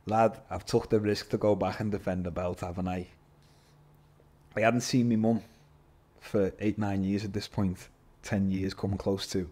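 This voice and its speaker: A man, a guest telling his story in an animated, casual way, swearing and calling everyone lad. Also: lowish voice, moderate pace, breathy edge. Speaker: podcast guest, MMA fighter.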